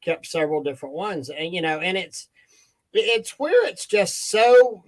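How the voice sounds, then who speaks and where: A man with a fairly high voice co-hosts a relaxed live video chat. He gives frank advice and often stumbles and restarts his sentences. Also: measured pace. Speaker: co-host.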